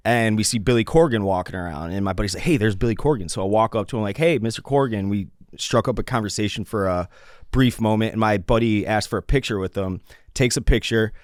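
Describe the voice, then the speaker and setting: A man's voice: on the low side, fast, clean tone, no echo, clean studio sound. A man co-hosting a casual sports podcast, telling long rambling stories and swearing freely. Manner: rambling storyteller, swears a lot. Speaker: podcast co-host.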